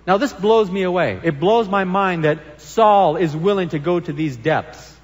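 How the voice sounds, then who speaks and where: A man's voice: sits high, measured pace, dull audio. A man preaching a sermon as pastor, earnest and emphatic as he reads and explains scripture. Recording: long hall reverb.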